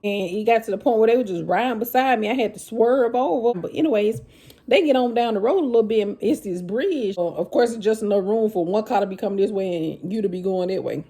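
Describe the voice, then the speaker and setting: A woman telling her own story to viewers in a casual, animated vlog. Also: medium pitch, fast talker, slightly rough. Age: adult with children. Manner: animated, addresses viewers as y'all, Southern US vernacular.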